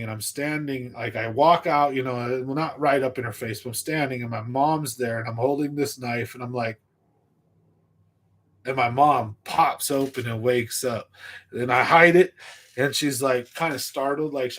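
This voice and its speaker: A man hosting a fishing livestream, casually telling a rambling story from his youth in an animated way and laughing at it. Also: mid-range voice, normal speed. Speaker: fishing channel livestream host.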